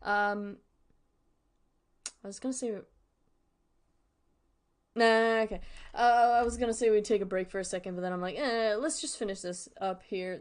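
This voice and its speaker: A woman streaming a casual, joking, rambling reaction to a horror series. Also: medium pitch. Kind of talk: casual livestream commentary.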